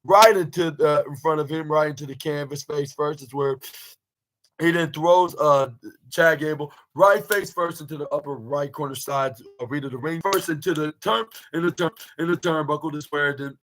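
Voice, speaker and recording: A young man talks through a wrestling match move by move in a loose, casual podcast recap. His voice sits a little higher than most men's, and he stumbles through fillers and restarts as he goes. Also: normal speed, a bit bright, rough recording. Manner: rambling, many fillers and restarts. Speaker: podcast host reviewing wrestling. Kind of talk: casual recap, play-by-play retelling.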